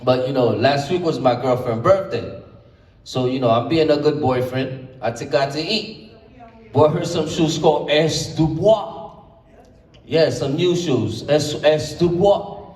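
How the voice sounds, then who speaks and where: A man from Brooklyn, doing laid-back stand-up comedy with drawn-out lines and playful asides, heard from far off in an echoey room. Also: on the high side, darkish tone. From Brooklyn, New York.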